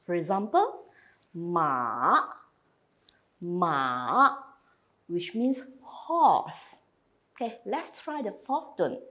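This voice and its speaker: A woman's voice: a little high, very animated, slow pace, darkish tone. A woman teaching a slide lesson, patiently modelling each sound and repeating it for learners. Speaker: language teacher.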